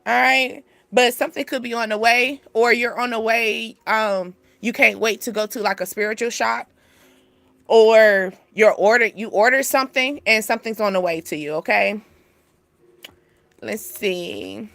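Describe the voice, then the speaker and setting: A young woman hosting a casual spiritual reading, chatty and animated, laughing often. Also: fairly high pitch, measured pace, gravelly, dry recording. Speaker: spiritual channel host giving a reading.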